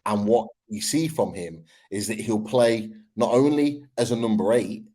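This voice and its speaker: Low-ish male panelist, measured point-by-point football talk, casual fan podcast. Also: dark tone. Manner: measured, explains point by point with fillers.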